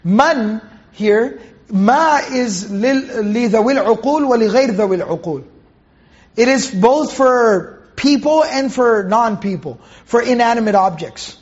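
High-voiced man teaching on a dull recording. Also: animated, slow pace, a little mellow. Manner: explains Arabic terms patiently and corrects himself mid-sentence. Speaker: Quran teacher. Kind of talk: Quran commentary lesson.

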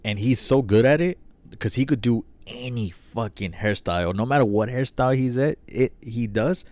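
A man's voice: mid-range voice, normal speed, dry recording. A young man telling a long story in a casual, slangy, profane way, acting out what people said. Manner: slangy, profane, animated storytelling with acted quotes.

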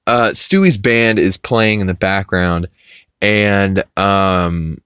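A man's voice: sits low, a bit bright, clean tone, soft background music. A man hosting a podcast, rambling through a casual recap of a cartoon episode and swearing freely. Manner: rambling, quotes characters in quick put-on voices, swears freely.

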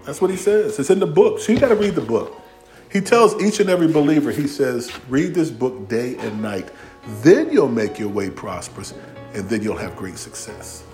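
Lively, animated preacher man joking with his flock. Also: medium pitch, moderate pace, faint music behind. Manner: animated, humorous preaching with acted-out dialogue; Southern-inflected vernacular, y'all and ain't. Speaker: pastor. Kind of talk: sermon.

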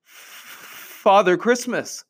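A man's voice: mid-range voice, animated, normal speed, fairly bright tone. A man voicing an old male fox who speaks politely and fearfully to a queen in a storybook reading. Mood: timid. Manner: timid, deferential.

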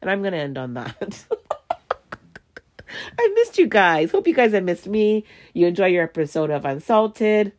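A woman's voice: mid-range voice, big pitch swings, normal speed, darkish tone. A woman hosting a solo podcast, ranting heatedly and swearing a lot. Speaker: podcast host.

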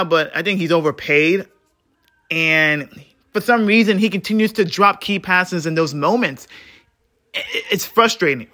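A man's voice: sits high, sharp tone. Frustrated man ranting on a podcast. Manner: frustrated, swings between muttering and heated outbursts; blunt, swears freely. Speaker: podcast host. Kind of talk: solo sports podcast rant.

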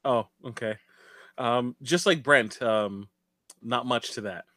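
A male co-host trading blunt, wisecracking takes in podcast chat. His pitch sits in the middle and his delivery is plainspoken. The recording is close and dry. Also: takes it slowly, fairly bright tone, no room sound, faint music behind. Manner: blunt, joking, repeats phrases. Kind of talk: casual reality-TV recap chat.

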